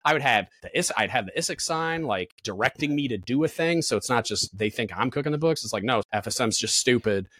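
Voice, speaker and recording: A man's voice: medium pitch, lively intonation, brisk, hardly any pauses, a bit bright, no room sound. A man in his thirties, a podcast guest, telling work stories in casual chat with lots of fillers and swearing. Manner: blunt, profane, storytelling with lots of fillers.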